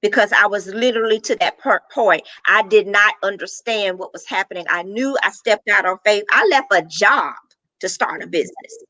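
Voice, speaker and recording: Woman, middle-aged, business coach, animated, laughs often, bright tone, dry sound. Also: medium pitch, normal speed, no room sound, poor audio. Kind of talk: casual interview talk.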